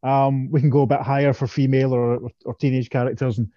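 Man, podcast co-host, mellow tone, dry close sound, dull lo-fi quality, laughs a lot. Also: medium pitch, flat delivery, fast, dry recording. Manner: chatty, laughs often, many restarts. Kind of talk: casual chat.

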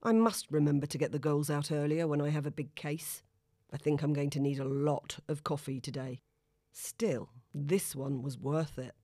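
A woman's voice: low voice, fairly even intonation, moderate pace, warm tone, no room sound, studio quality. A woman voicing a cocky, smug young male lawyer in a storybook reading. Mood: wry. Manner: smug, self-assured.

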